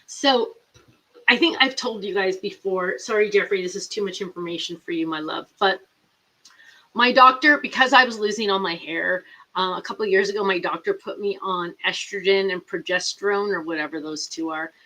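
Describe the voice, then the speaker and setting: Chatty middle-aged woman host, bright voice, rambling live-chat delivery. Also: medium pitch, moderate pace, poor audio. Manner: chatty, rambling, reads viewer comments aloud.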